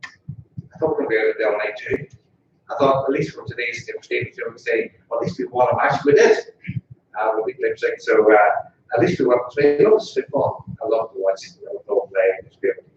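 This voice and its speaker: A man's voice: on the low side, fast, a little hiss or hum. Man, northern irish accent, informal funeral eulogy, chatty, jokey, asks the mourners questions, heard from afar, dull muffled sound. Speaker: funeral officiant. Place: funeral parlour chapel. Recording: distant, echoey, dull room recording.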